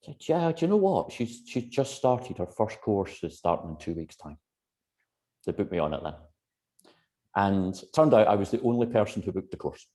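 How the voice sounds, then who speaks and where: A man tells stories over a video call in a low, mellow voice. His pitch swoops up and down as he acts out other people's lines, and he often breaks into laughter. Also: moderate pace. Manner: lively storyteller who acts out quotes and laughs often. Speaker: guest hypnotherapist. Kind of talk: animated anecdotal storytelling.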